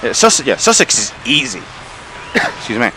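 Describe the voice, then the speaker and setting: A man's voice: mid-range voice, sing-song, normal speed, pushed and bright, a little hiss or hum. A man streaming a game in casual chat, rambling and swearing casually.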